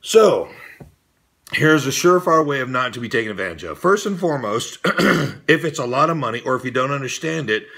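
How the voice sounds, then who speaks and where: Forceful middle-aged man ranting. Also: medium pitch, sing-song, a little fast, gravelly. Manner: direct, lecturing, plain-spoken. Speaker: fitness channel host. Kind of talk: irritated rant to camera.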